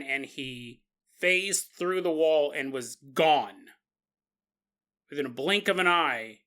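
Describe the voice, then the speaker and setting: A man hosting a paranormal podcast, telling a strange story in a casual, animated way with chuckles and conversational asides. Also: fairly high pitch. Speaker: podcast host.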